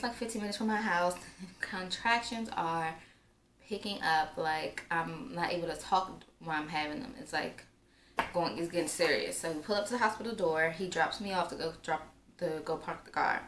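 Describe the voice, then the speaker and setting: Young woman, low voice, casual chatty storytelling, filler words, echoey room. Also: brisk, a bit bright. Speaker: vlogger. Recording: roomy echo, faint background noise.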